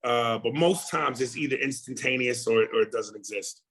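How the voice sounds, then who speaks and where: A man's voice: mid-range voice, moderate pace, rough recording. Man chatting with repeated starts. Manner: animated, repeats words while thinking. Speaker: comedian guest. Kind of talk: casual interview chat.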